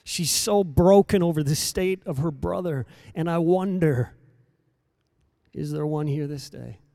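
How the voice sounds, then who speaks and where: High-voiced preacher man, dry and close. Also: a little slow, gravelly, dry recording. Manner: dramatic, swinging between soft and loud emphasis. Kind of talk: sermon.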